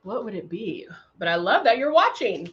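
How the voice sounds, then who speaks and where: A woman hosting a live makeup tutorial, chatting casually with viewers and filling pauses with frequent ums. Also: medium pitch, sing-song, lo-fi sound. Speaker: makeup livestream host.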